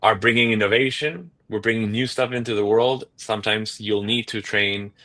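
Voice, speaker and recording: A man hosts an interview show and answers his guest with eager praise and thanks. His voice is low yet strikingly bright and forceful, cutting through clearly. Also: steady tone, moderate pace. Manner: enthusiastic, praising. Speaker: host. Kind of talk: interview host wrap-up.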